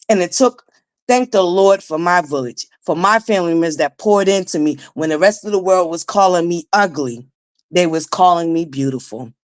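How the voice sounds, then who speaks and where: A woman in her forties with a naturally raspy voice, hosting a casual live-stream commentary, blunt and profane, talking straight to her viewers. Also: fairly low pitch. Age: 40s. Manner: blunt, profane, emphatic, addresses viewers directly. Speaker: livestream commentary host.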